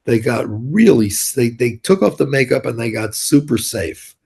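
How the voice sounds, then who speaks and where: A man's voice: medium pitch, expressive, normal speed, creaky, a little mellow, husky. An older man, telling rambling, blunt, profane stories as an interview guest. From New York City. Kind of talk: casual storytelling interview.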